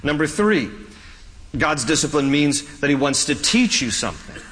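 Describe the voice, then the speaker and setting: A man's voice: a little high, very animated, moderate pace, fairly bright tone, long reverb tail, low-quality recording. A man preaching a sermon as pastor, folksy and joking, often restarting his sentences.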